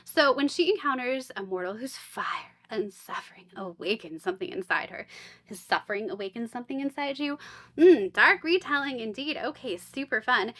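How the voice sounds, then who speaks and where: Bright, chatty woman book vlogger. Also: on the high side. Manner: chatty, wry asides and sarcastic jokes. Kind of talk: casual unboxing chat.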